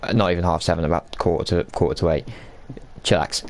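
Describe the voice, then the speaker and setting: A man's voice: deep voice, steady tone, quick pace. A man giving casual, jokey live commentary on an online sim race, full of banter.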